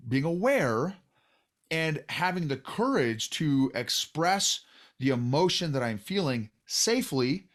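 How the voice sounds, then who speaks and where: A middle-aged man hosts a casual podcast conversation. His voice is of ordinary pitch. He talks earnestly, often stumbling and starting his sentences again. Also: a bit bright. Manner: earnest, with frequent restarts and stammers. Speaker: podcast host.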